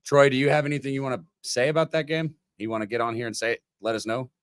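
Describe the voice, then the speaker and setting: A man's voice: mid-range voice, fast talker, clean tone, no room sound. A man co-hosting a live sports betting stream, rambling and repeating himself as he talks to the chat.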